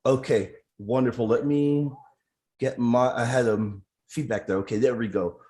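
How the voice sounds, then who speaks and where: A man's voice: medium pitch, moderate pace, darkish tone. A man hosting a casual live interview, effusive and heavy with praise for his guest. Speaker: interview host.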